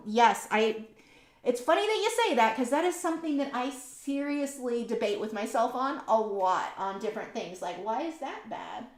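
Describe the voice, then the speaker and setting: A woman in her forties hosting a painting livestream, chatting casually and reading viewer comments aloud with lots of ums. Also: fairly high pitch. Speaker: art livestream host. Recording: echoey room.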